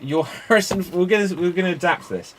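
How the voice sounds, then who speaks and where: A man's voice: high-pitched, a little fast, slight background noise. A man hosting a live-streamed improv show, chatty and rambling between games.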